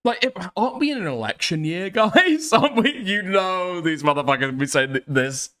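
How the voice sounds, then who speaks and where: A man's voice: high-pitched, lively intonation, normal speed, bright, forceful tone. A man streaming, ranting in heated casual chat, exasperated and swearing often. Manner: exasperated, swears a lot, rants. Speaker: streamer reacting to news.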